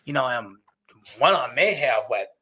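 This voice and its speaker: Earnest, bright-voiced man. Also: medium pitch, normal speed, breathy edge. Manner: earnest, animated, peppered with "you know". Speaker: recovery peer worker and sponsor. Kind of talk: casual conversation.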